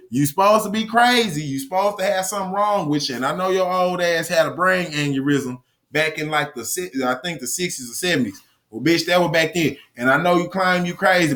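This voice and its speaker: A man's voice: fairly high pitch, a bit bright. A man speaking in a casual, profane rant, cursing often, repeating himself and reading news items aloud. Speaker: commentator.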